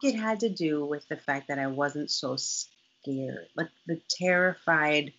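A woman guest on a podcast, recounting a personal story in an animated way, often acting out what others said and laughing. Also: deep voice, takes it slowly, dull audio. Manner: animated, acts out quoted voices, laughs often.

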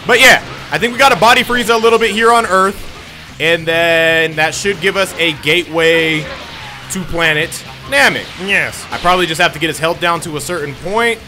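A man's voice: a little high, moderate pace. A young man giving joking, slangy commentary on his gameplay. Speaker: gaming YouTuber. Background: game music.

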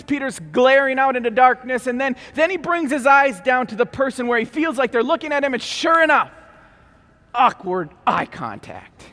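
High, bright-voiced preacher in a reverberant hall. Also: male voice. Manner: dramatic, acting out scripture scenes with sudden loud outbursts. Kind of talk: keynote sermon.

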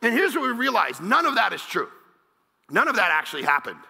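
A male pastor preaching a sermon, energetic and joking, now and then bursting into shouts. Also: high voice, a little fast, vocal fry, slightly rough, in a large hall. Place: large church auditorium.

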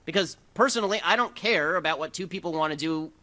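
Combative man with a sharp, bright voice. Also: a little high. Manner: combative and rapid-fire, mocking. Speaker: political speaker. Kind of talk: speech to a live audience.

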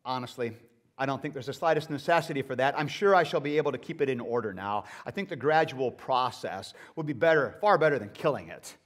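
A man's voice: mid-range voice, fairly quick, voice pushed down, natural voice. A man reading aloud and voicing a fretful, evasive male ghost who dithers and makes polite excuses. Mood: flustered evasive.

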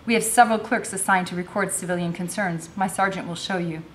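A woman's voice: on the low side, steady tone, fast talker, a little hiss or hum, close to an everyday voice. A woman reading a novel aloud, voicing a tired, formal male army colonel. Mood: weary. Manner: weary, formal.

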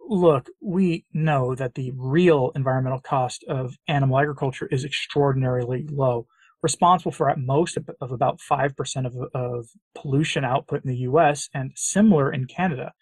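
A man's voice: mid-range voice, moderate pace, darkish tone, dry recording. A middle-aged man from the United States hosting a commentary show, reading news quotes and answering them with emphatic sarcasm. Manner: sarcastic, emphatic, with repeated phrases. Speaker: commentary channel host.

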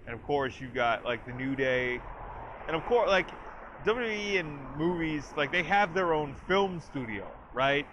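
A man with a fairly high, animated voice talks a little slowly as he casually reviews a movie trailer, retelling scenes and quoting lines. He's the host of a review channel, chatty and full of "like" and restarts. The audio is dull, with a noisy background.

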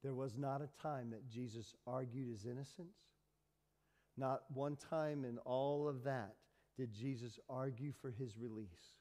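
A man preaching a sermon as pastor, dramatic and swinging from loud to hushed. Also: medium pitch, big-room sound. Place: church hall.

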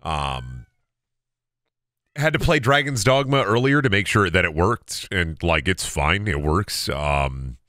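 A man in his thirties chats on a game stream, his low voice swinging widely up and down as he rambles through a story. He stammers and restarts, breaks into loud laughter, and sounds bright and forceful. He is close on a dry desk mic with no room sound. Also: very animated, takes it slowly, no echo. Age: 30s. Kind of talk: casual chat on a gaming stream.

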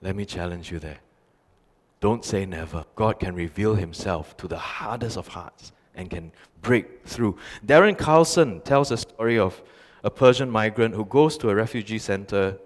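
A man's voice: on the low side, normal speed. A male pastor preaching a sermon, telling stories animatedly with emphatic repetition. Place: church sanctuary. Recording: long church reverb.

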